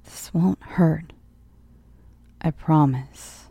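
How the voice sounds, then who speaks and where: Woman doing a hushed, menacing male surgeon. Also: sits low, drawn-out words, gravelly, breathy edge, no room sound, exaggerated voice. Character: calm menacing male surgeon, middle-aged.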